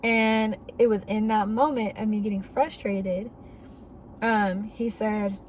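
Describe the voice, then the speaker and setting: A woman's voice: medium pitch, level tone, takes it slowly, slight background noise, rough recording. A woman vlogger telling a personal faith testimony, earnest and candid, speaking casually with fillers.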